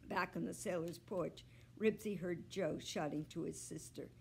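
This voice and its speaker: A librarian woman reading a children's book aloud with slow, expressive storytelling. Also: fairly low pitch, gravelly, slightly rough.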